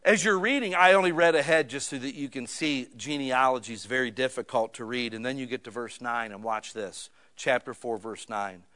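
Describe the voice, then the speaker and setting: A middle-aged male pastor preaching a sermon in a joking, conversational way, with lively asides between readings. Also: mid-range voice, normal speed, few pauses.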